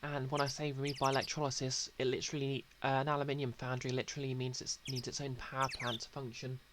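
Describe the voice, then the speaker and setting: A woman's voice: very deep voice, level tone, quick pace, noisy background. A woman streaming a game, giving chatty, explanatory asides with fillers. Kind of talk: casual game commentary. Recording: loud game music under voice.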